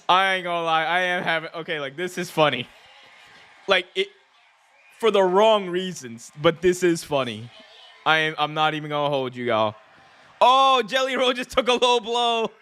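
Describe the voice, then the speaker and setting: A man hosting a live wrestling watch-along, talking in an excitable, slangy way and laughing often. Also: high voice, moderate pace, smooth. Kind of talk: live reaction commentary.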